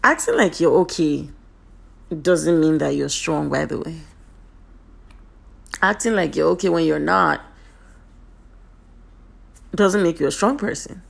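A woman's voice: low voice, unhurried, vocal fry, long pauses, husky. A woman from Nigeria, giving an earnest, emphatic motivational talk to her viewers, repeating her key points, her voice a little off today. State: voice a bit off today.

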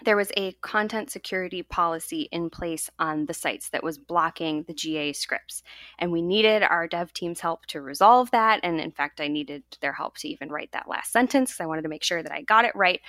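A woman co-hosting a podcast, relaxed and chatty, laughing often and explaining a work problem plainly. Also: fairly low pitch, no room sound. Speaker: podcast co-host. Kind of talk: casual chat.

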